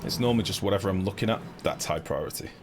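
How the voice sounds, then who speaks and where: Talking very fast in a low voice, a young man casually commentates his live game stream, excitable and chatty, cursing freely as he addresses his chat.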